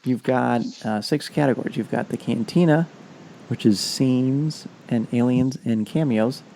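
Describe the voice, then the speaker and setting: A man hosting a podcast as quizmaster, reading trivia cards slowly and teasing his guests in casual chat. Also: medium pitch, gravelly, mellow, slight background noise, low-quality recording. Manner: playful, teasing, reads questions slowly. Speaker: podcast host.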